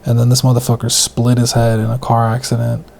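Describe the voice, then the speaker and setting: A man hosting a podcast, telling casual rambling stories in a loose, profane way, keeping his voice soft. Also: medium pitch, monotone, a little fast, creaky, slight background noise. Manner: speaking softly, half-whispered. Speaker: podcast host. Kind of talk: casual storytelling monologue.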